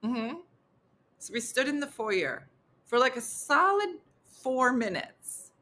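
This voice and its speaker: A woman's voice: high voice, sing-song, takes it slowly, pushed and bright. A middle-aged woman hosting a morning show, telling a funny story in a casual way and laughing often as she goes.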